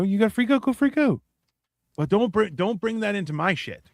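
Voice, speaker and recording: A man chatting casually on a podcast, swearing freely and acting out quoted exchanges with lively shifts. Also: sits high, brisk, no room sound. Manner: profane, animated, acts out quoted exchanges. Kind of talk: casual chat.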